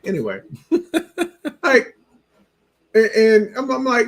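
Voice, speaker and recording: A man co-hosting a podcast, telling stories in a casual, animated, profane way. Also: high-pitched, takes it slowly. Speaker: podcast co-host. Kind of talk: casual chat.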